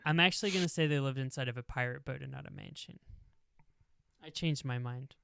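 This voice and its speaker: A man's voice: mid-range voice, a little fast, vocal fry, sharp tone, clean tone, no echo, studio quality. A young man narrating a tabletop game as game master, rambling with lots of fillers. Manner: rambling, full of "like" and "um".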